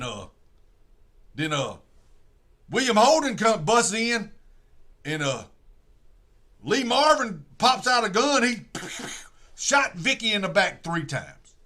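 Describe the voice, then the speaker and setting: Guy on a stream rambling through a movie plot, bright punchy voice, kinda high, drops low doing the lines. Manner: rambling storytelling, acts out quotes in a low voice. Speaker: livestream host. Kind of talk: casual movie recap.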